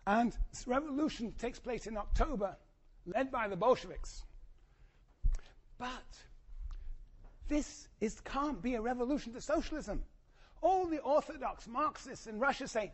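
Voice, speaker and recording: Older man lecturing, voice going hoarse. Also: measured pace, long pauses. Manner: animated, acts out quotes with sudden high pitch. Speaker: university lecturer. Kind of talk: classroom lecture. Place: lecture hall.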